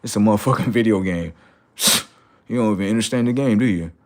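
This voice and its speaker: A man's voice: lowish voice, brisk. A man ranting on a livestream, profane and mocking, laughing often. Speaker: streamer. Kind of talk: casual livestream rant.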